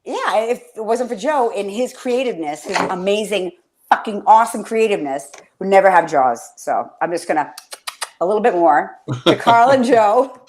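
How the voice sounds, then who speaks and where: A woman's voice: mid-range voice, animated, normal speed, a little mellow, slight background noise. A woman hosting a casual fan chat, rambling and swearing with enthusiasm, often trailing off mid-sentence. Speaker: podcast host.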